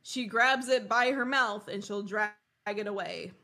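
A young woman co-hosting a podcast, telling animated, swear-filled stories and laughing often. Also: mid-range voice, measured pace. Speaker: podcast co-host. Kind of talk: casual chat.

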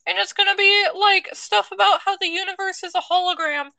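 A man putting on a squeaky, high ranting voice as a podcast co-host, rambling and stumbling over words. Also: steady tone, brisk, vocal fry, noisy background. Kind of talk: comedic podcast banter.

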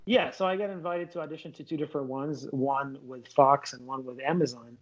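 A man's voice: mid-range voice, steady tone, brisk. A man, a comedian, talking casually and enthusiastically in an interview. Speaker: comedian guest. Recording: dull lo-fi sound.

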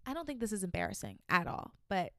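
Young woman doing a solo podcast, reads stories then yells and swears about them, mid pitch, dry close mic. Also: quick pace, no echo. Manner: animated, swearing, reacting loudly. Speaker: podcast host.

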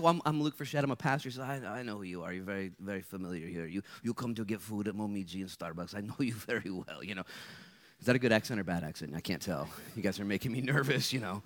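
A man preaching a sermon as a pastor to students, acting out quotes and swinging between loud bursts and quiet intensity. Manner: animated, acts out quotes with big pitch jumps, drops to quiet intensity.

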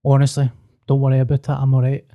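A gentle uncle figure speaking from a dream, put on by a man retelling it. He talks calmly and kindly in a mellow, dark tone, reassuring the listener that all is well. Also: mid-range voice, fast talker, lightly acted.

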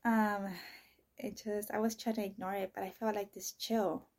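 A woman telling her own story in a candid monologue, talking softly, often near a whisper, blunt and profane. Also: mid-range voice, flat delivery, normal speed.

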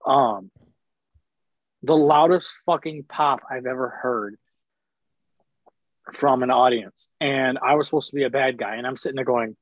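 A man's voice: medium pitch, unhurried, long pauses, no echo, lo-fi sound. A man, a professional wrestler, telling rambling profane stories in casual chat, often stopping to apologize.

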